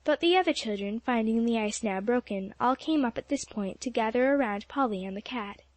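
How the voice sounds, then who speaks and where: Higher-voiced woman narrating a storybook. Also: fairly quick, no echo. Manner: steady storytelling. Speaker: audiobook narrator. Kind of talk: scripted narration.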